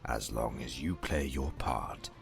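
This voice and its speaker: An actor playing a cold, scheming villainous duke in a game cutscene, speaking in a measured, threatening way. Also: male voice, rumbling low, gravelly, music in the background, heavily acted. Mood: menacing.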